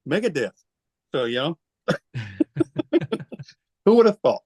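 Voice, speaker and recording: A man's voice: on the high side, very animated, takes it slowly, a little mellow, slightly rough, no echo. A man hosting a music interview show, bantering and joking with his guest. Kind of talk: casual interview chat.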